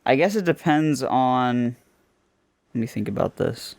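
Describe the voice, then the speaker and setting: Young male podcast co-host, animated and argumentative, higher-pitched, dry studio sound. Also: measured pace, gravelly, no room sound. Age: young adult. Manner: insistent, argumentative, restarts often. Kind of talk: heated casual debate.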